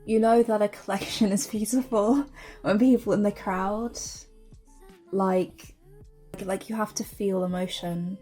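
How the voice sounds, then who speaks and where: A woman's voice: mid-range voice, steady tone, a little slow, dark tone, faint music behind. A young woman vlogger chatting casually and gushing over runway looks, full of fillers. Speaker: fashion vlogger.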